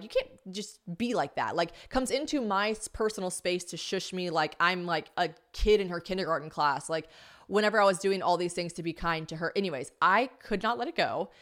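A young woman hosting a podcast, telling a story in an animated, chatty way, full of "like" and swearing, acting out the voices of others. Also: fairly low pitch. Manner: animated, swearing, lots of "like", acts out quoted voices. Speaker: podcast host. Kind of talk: casual storytelling monologue.

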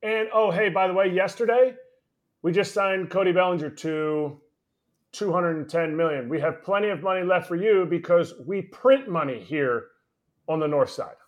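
A man riffs with his co-hosts in a noticeably high voice, joking and needling. His delivery is loose and chatty. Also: moderate pace. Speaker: co-host. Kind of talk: casual sports chat.

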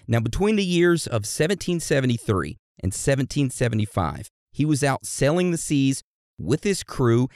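Here a podcast host explains history to his co-host like a teacher, keeping things loose, funny and full of profanity. His voice is medium-pitched with a dark tint, recorded dry at studio quality.

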